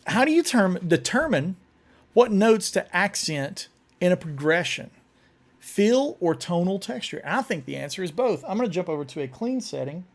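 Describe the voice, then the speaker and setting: A man's voice: high voice, very animated, moderate pace. A man hosting a casual live stream, chatting loosely and often restarting his words while he demonstrates on guitar. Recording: guitar playing in the background.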